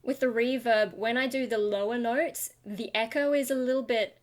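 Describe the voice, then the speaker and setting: A woman's voice: on the high side, fairly even intonation, moderate pace. A tired young woman, a singer and channel host, rambling casually and self-deprecatingly about vocal technique into a webcam. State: tired from lack of sleep. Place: home, talking to a webcam.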